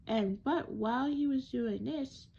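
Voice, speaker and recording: A woman reading a children's novel aloud, slowly and haltingly, often stumbling and restarting her words. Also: high voice, vocal fry, highs cut off, very noisy. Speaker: reader.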